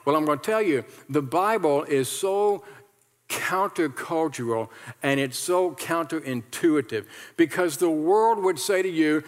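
A male pastor preaching a lively sermon, repeating lines and leading the congregation in call-and-response. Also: a little high, moderate pace. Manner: animated, repetitive, leads the congregation in call-and-response. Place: large church hall with congregation. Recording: long hall reverb.

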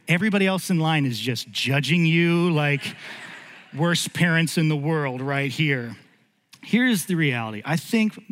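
Animated pastor in a reverberant hall. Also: male voice. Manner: animated storytelling, voice jumps high for acted quotes, drops low and slow when earnest. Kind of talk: sermon. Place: church sanctuary.

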